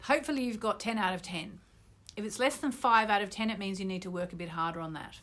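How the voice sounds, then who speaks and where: A middle-aged British woman who teaches astrology, guiding an online group through a manifestation exercise in a gently instructive way. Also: medium pitch, fast talker. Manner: gently instructive, with bursts of loud ecstatic gratitude.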